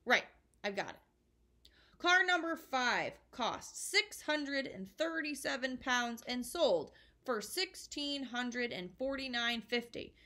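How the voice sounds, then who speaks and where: A woman reading a children's book aloud to her listeners in a warm, expressive way. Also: sits high, slow. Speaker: storyteller.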